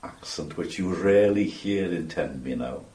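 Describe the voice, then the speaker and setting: Low older Welsh man, reminiscing. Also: animated, mellow. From Wales. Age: 70s. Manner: measured, with frequent ums and restarts. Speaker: interview guest. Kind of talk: reminiscing interview answers. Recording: roomy sound from a distance.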